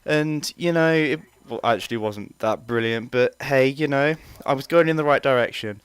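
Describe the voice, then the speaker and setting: Chatty young man, very clear voice. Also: mid-range voice, normal speed, no room sound. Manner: rambling, chatty, swears freely, many fillers. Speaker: vlogger. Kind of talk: casual storytelling.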